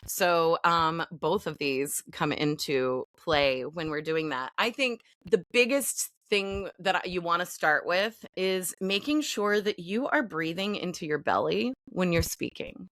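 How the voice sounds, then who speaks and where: Woman coaching calmly, low and dry. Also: measured pace, few pauses, no room sound. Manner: explains in calm, instructive steps. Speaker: guest, acting and voice coach. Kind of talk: conversational podcast interview.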